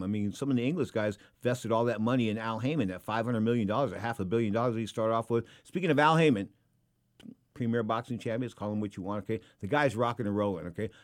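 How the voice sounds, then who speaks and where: A man hosting a boxing talk show, rambling casually with restarts and animated asides. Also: medium pitch.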